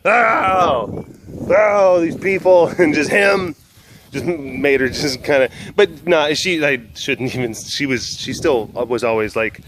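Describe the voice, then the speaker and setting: A man's voice: mid-range voice, measured pace, a crowd in the background. A man talking casually and rambling through stories outdoors while on a walk, laughing often. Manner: rambling, animated storytelling with laughs. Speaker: animal sanctuary keeper. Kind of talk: casual vlog talk.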